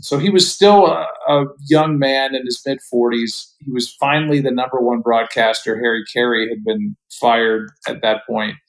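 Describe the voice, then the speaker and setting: A middle-aged man chats as a podcast guest over a remote call. He sounds reflective and unhurried, often restarting sentences as he searches for his words. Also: mid-range voice, low-quality recording. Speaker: guest broadcaster. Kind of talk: relaxed podcast storytelling.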